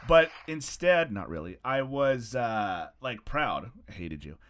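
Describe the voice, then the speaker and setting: A man's voice: mid-range voice, slow. A man hosting a podcast, chatting casually, joking and swearing with a friend. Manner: joking, swearing, lively, trails off. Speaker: podcast host. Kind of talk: casual chat.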